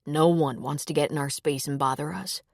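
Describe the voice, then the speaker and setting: A woman voicing a grieving young husband who stays gentle and protective, speaking in a soft, lowered, steady voice. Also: normal speed, gravelly, no room sound, studio quality.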